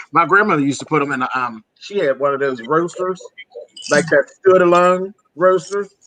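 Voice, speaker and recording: A man's voice: medium pitch, sharp tone, slight background noise. A man from Pennsylvania hosting a casual chat, talking easily and laughing, calling people honey and girl. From Pennsylvania, USA. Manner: chatty, laughing, calls listeners honey and girl. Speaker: host.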